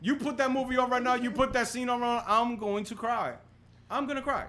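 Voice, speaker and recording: A young man hosting a podcast in casual chat, excitable and full of "yo", often restarting his sentences. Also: very high voice, fairly quick. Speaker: podcast host.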